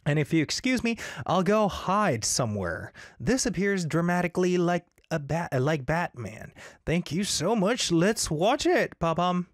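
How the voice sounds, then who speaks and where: A man hosting a radio show as DJ, chatting casually in a playful, excitable way and laughing often. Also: sits high, a little slow, no room sound, studio quality. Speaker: radio DJ host.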